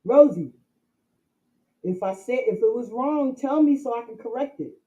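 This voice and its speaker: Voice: mid-range voice, expressive, moderate pace, dark tone, lo-fi sound. A livestreamer talking casually to chat, rambling and repeating points while addressing viewers directly.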